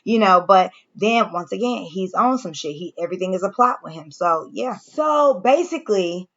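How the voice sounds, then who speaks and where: A woman's voice: medium pitch, lively intonation, moderate pace, a bit bright, dull audio. A woman casually recapping and reacting to a TV episode, chatty and slangy, talking straight to her viewers. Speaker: show reviewer.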